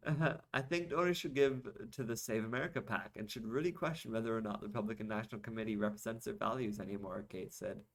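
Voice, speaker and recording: A man's voice: fairly low pitch, fast talker, few pauses. Sarcastic man reading news aloud. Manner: sarcastic asides between read-out articles. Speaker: podcast host reading news. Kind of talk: casual news commentary.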